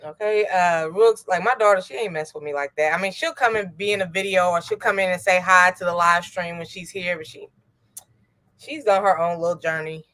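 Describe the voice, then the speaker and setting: A woman hosting a casual livestream, reading out viewer comments and greeting people in a relaxed, easygoing way. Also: on the low side, fairly quick. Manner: relaxed, reads viewer comments aloud, chuckles. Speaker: livestream host.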